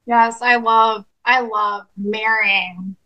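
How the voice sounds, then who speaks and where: Woman, podcast host, bright tone, higher pitch, affirming. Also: steady tone, slow pace, highs cut off. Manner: warm, enthusiastic, affirming. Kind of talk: podcast interview.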